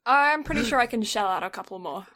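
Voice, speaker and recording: A woman's voice: fairly high pitch, animated, quick pace, pushed and bright. A woman co-hosting a podcast, recapping an anime in a casual, rambling way, with frequent laughs and puns. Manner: giggly, punning, rambling. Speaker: podcast co-host.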